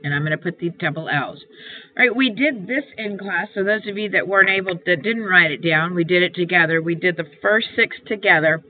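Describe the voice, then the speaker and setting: A woman's voice: fairly low pitch, fairly quick. Tinny-sounding woman teacher explaining homework. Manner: patient, repetitive step-by-step explaining. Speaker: math teacher. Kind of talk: homework walkthrough lesson. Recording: tinny phone-like sound, faint hiss.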